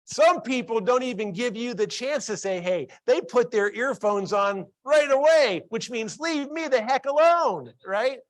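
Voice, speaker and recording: A man with a fairly high voice gives a training talk to a live audience. He tells a story and keeps turning to the crowd with questions. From Columbus, Ohio. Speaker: workplace training speaker.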